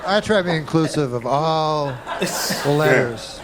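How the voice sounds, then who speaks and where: A man doing a stand-up set with a deadpan, relaxed delivery, halting over fillers. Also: on the high side. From Canada. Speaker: stand-up comedian. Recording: noisy archival stand-up clip.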